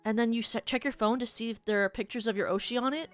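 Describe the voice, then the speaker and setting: A woman's voice: a little high, fairly even intonation, fast, faint music behind. Giggly rambling woman streamer. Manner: giggly, rambling, heavy use of "like". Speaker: VTuber streamer. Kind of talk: casual stream chat, rambling hypotheticals.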